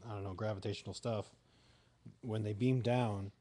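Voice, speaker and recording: A man co-hosting a casual podcast, talking in a relaxed, rambling way with many fillers. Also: lowish voice, normal speed. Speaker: podcast co-host. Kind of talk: casual chat.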